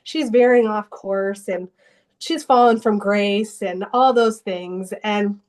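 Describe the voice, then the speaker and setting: A woman's voice: mid-range voice, takes it slowly, a little mellow. A young adult woman telling her faith story as a guest in an interview, earnest and emotional, with many restarts. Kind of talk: personal testimony in an interview.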